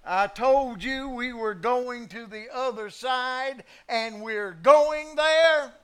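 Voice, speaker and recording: A preacher voicing a calm but stern teacher who scolds his followers and teases their fickle faith. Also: extremely high pitch, slow, smooth, pitched above the performer's own voice, full character voice. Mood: stern chiding. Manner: firm, chiding, mildly mocking.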